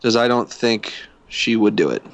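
A young man co-hosting a casual podcast, reading listener emails in a blunt, halting way with casual swearing. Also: on the low side, lively intonation, creaky, no echo. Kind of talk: casual chat.

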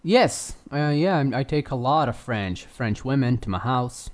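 A man co-hosting a loose chat show, trading sarcastic jokes in a flat, deadpan delivery. His voice is an ordinary middle pitch for a man. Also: normal speed. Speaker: co-host. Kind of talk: casual podcast chat.

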